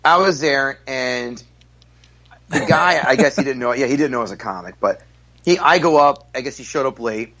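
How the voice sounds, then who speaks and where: A man guest comedian talks fast and loud on a podcast, pushing forward with blunt, profane stories. His voice sits at a middle pitch and comes across direct and forceful. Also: expressive. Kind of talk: casual podcast storytelling.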